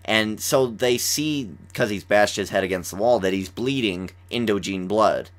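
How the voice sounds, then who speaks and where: Young man, podcast host, slightly low voice, casual rambling chat. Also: normal speed. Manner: rambling, says "like" often, animated retelling. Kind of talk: casual chat about a TV episode.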